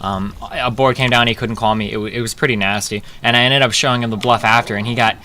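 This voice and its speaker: A man's voice: medium pitch, steady tone, fast talker, a little hiss or hum. A man streaming, telling a rambling poker story full of profanity, with fillers and restarts. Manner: profane, rambling, gets loud and laughing.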